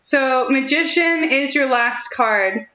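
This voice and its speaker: A young woman with a fairly high voice gives a chatty, reassuring tarot reading on a live stream, laughing lightly between thoughts. Her voice carries a roomy echo and sounds a little muffled, as if it comes from a built-in mic. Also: slow pace, sharp tone. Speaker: tarot reader.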